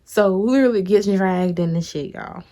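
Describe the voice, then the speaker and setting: A young woman vlogger telling a workplace story in an animated, chatty way, talking straight to her viewers and swearing freely. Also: mid-range voice, moderate pace. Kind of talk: casual storytime.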